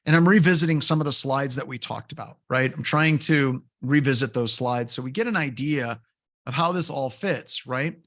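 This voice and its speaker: Medium-pitched and a bit bright, the middle-aged course instructor speaks at a moderate pace. He's teaching a security course, lecturing with anecdotes and slipping into a casual, rambling, filler-laden story between points.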